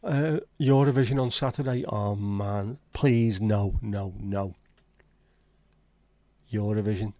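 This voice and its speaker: A man with a Scouse accent hosts a relaxed livestream chat. His voice is mellow and warm, recorded close and dry. He talks in blunt, sweary banter as he reads and answers comments. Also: lowish voice, takes it slowly, long pauses, no room sound. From Liverpool, England. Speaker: livestream host. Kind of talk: casual chat reading live comments.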